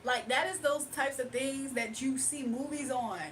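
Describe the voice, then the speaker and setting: A woman talking casually on her livestream, animated and mocking, reading chat aloud, laughing often, drawling and slangy. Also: high voice, a little slow, distant mic, slight background noise.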